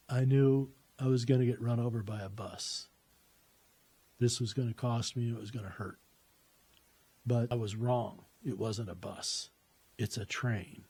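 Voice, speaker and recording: A man's voice: mid-range voice, mellow, breathy edge. A middle-aged man telling his own faith story in a plainspoken, earnest way, with casual swearing. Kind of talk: personal testimony, conversational storytelling.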